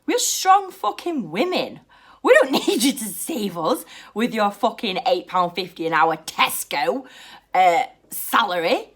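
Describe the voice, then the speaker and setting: A young British woman chatting to camera in a blunt, profane and animated way. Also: medium pitch, a little slow, breathy edge. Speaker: vlogger. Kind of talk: casual to-camera chat.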